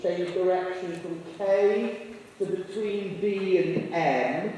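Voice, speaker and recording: A man's voice: high voice, a little slow, a little mellow, slight background noise. A man coaching a dressage lesson in an indoor arena, encouraging and teasing the rider with constant praise. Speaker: riding instructor. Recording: echoey arena, voice from far off.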